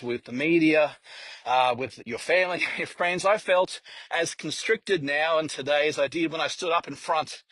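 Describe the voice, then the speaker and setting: An out-of-breath Australian man speaks in an earnest, halting way, restarting his sentences as he records an unscripted video diary. His voice sits a little high for a man. The sound is dry and close, with no room around it. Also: a bit bright, no echo, rough recording. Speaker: Senate candidate.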